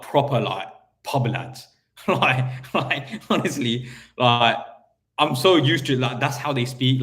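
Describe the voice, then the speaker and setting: A young man running his recruitment business, chatting casually on a live stream between cold calls, with lots of fillers and a brighter tone when on the phone. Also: mid-range voice.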